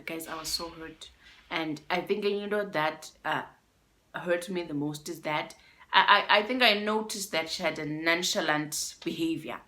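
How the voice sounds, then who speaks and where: A young South African woman with a South African accent telling a storytime vlog, animated and switching between English and isiXhosa phrases. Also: sits low, measured pace. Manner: animated, mixes in isiXhosa phrases, addresses viewers as guys. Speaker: YouTuber.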